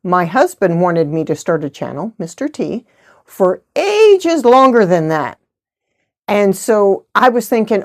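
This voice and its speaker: A woman's voice: medium pitch, big pitch swings, measured pace. A middle-aged woman hosting a crafting vlog, chatting in a rambling, good-humored way. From United States. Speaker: host of a knitting channel. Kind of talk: casual chat.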